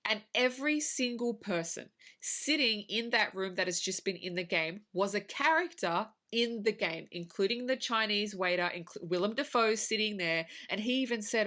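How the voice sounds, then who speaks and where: A woman's voice: mid-range voice, expressive, moderate pace, few pauses, sharp tone. A woman co-hosting a podcast, chatting casually about a film, swearing and acting out her own reactions. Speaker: podcast co-host. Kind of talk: casual film review chat.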